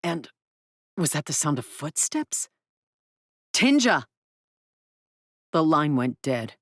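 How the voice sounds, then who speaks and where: A woman narrating an audiobook in the first person, in an expressive, brisk way. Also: low voice, no echo, studio quality.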